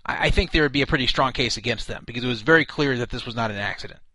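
A man's voice: medium pitch, racing, bright, forceful tone, dry recording. A man hosting a comedic radio show, talking in an exasperated way with stammering restarts. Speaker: show host.

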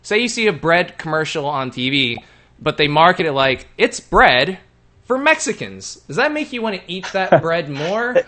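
A man's voice: a little high, animated, normal speed, pushed and bright. A man from Texas hosting a show, chatting casually and asking playful questions. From Texas, Houston area. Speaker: podcast host. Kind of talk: casual chat.

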